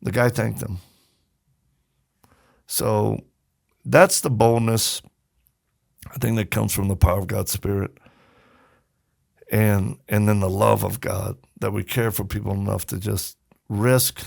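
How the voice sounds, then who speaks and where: A man's voice: fairly low pitch, unhurried, vocal fry, pauses often. A middle-aged man, a podcast guest, telling stories in a casual interview and acting out the voices of the people in them. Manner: animated storyteller acting out quotes.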